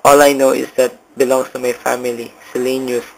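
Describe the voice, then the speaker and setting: A young explorer in a read-aloud storybook, polite and plain-spoken, as a student reader speaks for him. His voice stays flat and gravelly throughout. A faint background noise sits under the lines. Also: mid-range voice, brisk, close to an everyday voice, poor audio. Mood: nervous. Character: young male explorer, cautious then bolder.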